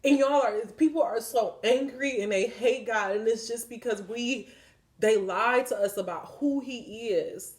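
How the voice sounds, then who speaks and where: A woman's voice: fairly high pitch, unhurried. A woman, giving a spiritual card reading in an emphatic, preachy way with lots of swearing. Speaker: tarot reader.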